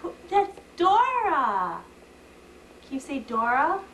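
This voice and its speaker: A woman's voice: high voice, wildly swooping pitch, slow, a bit bright, echoey room, a little hiss or hum. A mother filming her toddler at home on a camcorder, coaxing her with playful, sing-song prompts she repeats. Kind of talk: home video chat with a toddler. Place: family home, indoors. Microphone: camcorder microphone.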